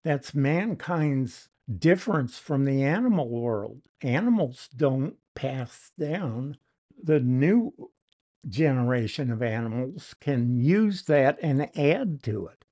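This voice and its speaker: A man teaching through a Bible passage verse by verse, explaining the wording in a deliberate, emphatic way. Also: medium pitch, lively intonation, mellow.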